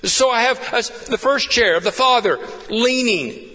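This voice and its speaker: A pastor preaching a sermon with fervent rises and hushed, intimate drops. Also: male voice, very high-pitched, measured pace, long reverb tail, rough recording.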